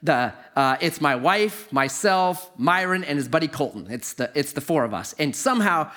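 A middle-aged man spins a personal story with a high voice that leaps up and down. He plays every moment big and bursts into loud disbelief at the surprises. His telling is animated and exaggerated. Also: normal speed, soft background music.

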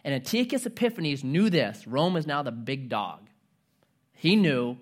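A male pastor delivers a sermon as an animated story. He speaks casually and adds joking asides. His pitch rises and falls widely throughout. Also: moderate pace.

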